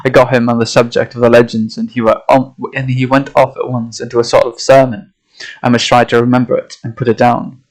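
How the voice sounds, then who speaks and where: A man reading a classic novel aloud at a measured, steady pace. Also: mid-range voice, poor audio. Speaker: audiobook reader and streamer.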